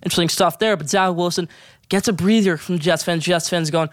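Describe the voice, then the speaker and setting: A young sports podcast host rattling off quick, excitable opinions. The pace is rapid and the pitch jumps high on emphasis. The sound is dry and close, with no room around it. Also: no room sound. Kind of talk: casual sports opinion talk.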